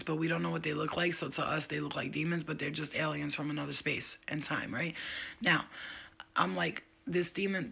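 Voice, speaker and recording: Husky, gravelly-voiced woman telling ghost stories. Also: lowish voice, sharp tone. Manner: candid, profane, rambling storytelling. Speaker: livestream host. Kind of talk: casual ghost-story telling.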